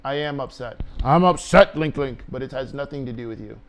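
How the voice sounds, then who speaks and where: A man's voice: medium pitch, fairly even intonation, fast talker, clean tone. A man talking to himself while coding on a stream, laughing, swearing and cooing to his dog. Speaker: programmer streaming a coding speedrun. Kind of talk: casual self-talk while coding.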